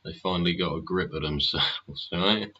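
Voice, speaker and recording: A man's voice: deep voice, moderate pace, sharp tone, slightly rough, highs cut off. A man hosting a live stream, chatting casually and sardonically, swearing often and asking rhetorical questions. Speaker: livestream host.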